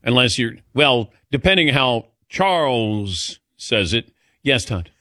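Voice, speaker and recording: A man hosting a sports talk radio show, relaxed and conversational, bantering with callers and crew. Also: medium pitch, takes it slowly, no room sound, clean studio sound.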